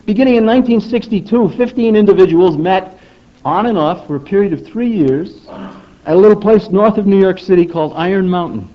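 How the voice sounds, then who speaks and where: A man's voice: high-pitched, brisk. An older man giving a public lecture in an emphatic, rhetorical manner, often asking the audience for agreement. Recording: dull lo-fi recording.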